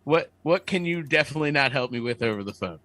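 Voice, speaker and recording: A man's voice: mid-range voice, animated, fast talker, fairly bright tone, no echo. A man co-hosting a casual podcast, joking and laughing often with casual swearing. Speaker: podcast co-host.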